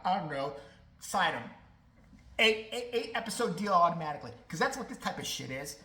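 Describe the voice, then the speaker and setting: Brief: sarcastic woman ranting vlogger, bright tense voice, echoey room. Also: mid-range voice, lively intonation, fairly quick. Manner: profane, mocking, sarcastic. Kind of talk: ranting commentary.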